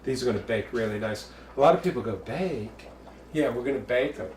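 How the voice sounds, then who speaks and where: A man's voice: medium pitch, quick pace, a little mellow, roomy sound, far from the mic, a little hiss or hum. A man from the Bronx, hosting a casual home cooking show, chatty and jokey with bawdy asides. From the Bronx, New York.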